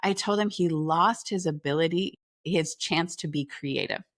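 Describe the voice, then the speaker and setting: A woman guest on an interview show, telling a personal story in a lively way and acting out the dialogue. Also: deep voice, moderate pace, dry recording, studio quality. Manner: talks through restarts and filler phrases. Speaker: podcast guest, leadership coach.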